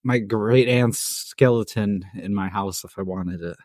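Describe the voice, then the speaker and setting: A man's voice: fairly low pitch, darkish tone, no room sound, clean studio sound. A man co-hosting a podcast, chatting casually and tossing in jokes and questions. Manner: joking, quick wisecracks and questions. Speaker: podcast co-host. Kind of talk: casual chat.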